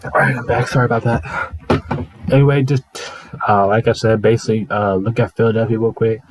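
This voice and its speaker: A man's voice: medium pitch, fairly even intonation, brisk, a little hiss or hum, low-quality recording. A man hosting his own video, talking through sports results in a casual, offhand, chatty way.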